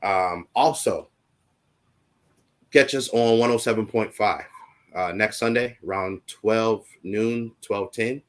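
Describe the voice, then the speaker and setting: In a fairly low voice, a man co-hosting a relaxed show takes his time. His talk meanders, sounds reassuring, and is heavy with fillers.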